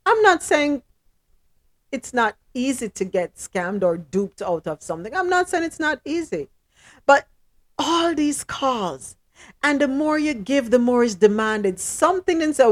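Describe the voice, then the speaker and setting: A woman hosting a podcast in casual chat, blunt and animated, often laughing. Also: high-pitched, unhurried. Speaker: podcast host.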